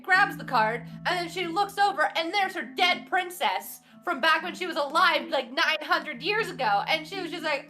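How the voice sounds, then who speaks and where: A woman's voice: very high voice, expressive, normal speed, bright, forceful tone, faint music behind. A woman recapping a tabletop game session in a casual, giggly way, laughing often and swearing freely. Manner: giggly, breathless storytelling, frequent swearing.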